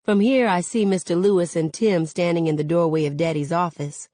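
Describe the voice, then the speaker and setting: A woman reading a novel aloud in a measured, even narration. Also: on the low side, no room sound. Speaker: reader.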